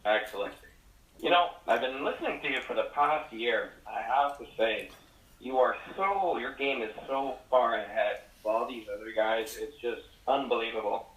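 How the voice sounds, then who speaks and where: A man's voice: medium pitch, normal speed, a bit bright. Man, phone-in caller, effusive, rambling, filler words, distant from the mic. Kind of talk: phone-in call. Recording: roomy, distant phone call.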